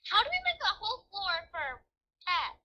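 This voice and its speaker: A young woman with a high, lively, bright voice chats with a friend while playing a game. She is playful and teasing and laughs easily. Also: moderate pace, rough recording. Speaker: gaming video co-host. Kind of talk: casual chat while playing.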